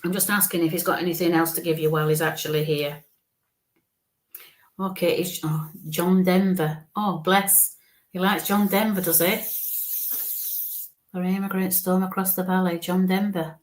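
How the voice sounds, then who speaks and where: Lady doing a psychic reading, gentle and reassuring, keeps saying okay?. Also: on the low side, steady tone, moderate pace. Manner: gentle, reassuring, often ends phrases with "okay?". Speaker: psychic medium.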